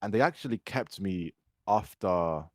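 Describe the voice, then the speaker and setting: A young man, co-hosting a casual podcast and telling animated stories. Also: sits low, measured pace, no echo, clean studio sound. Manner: storytelling, animated when quoting others. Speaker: podcast co-host. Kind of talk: casual chat.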